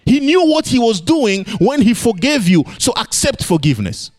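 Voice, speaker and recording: A man preaching a sermon, playful and animated, swinging between high exclamations and low emphatic lines. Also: moderate pace.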